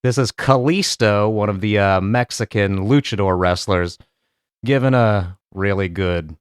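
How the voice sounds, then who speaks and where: A man's voice: fairly low pitch, a little slow, clear, resonant tone, no room sound, clean studio sound. A young adult man hosting a wrestling reaction show, chatting casually and joking. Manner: joking, laughing, mocking impressions. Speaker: host.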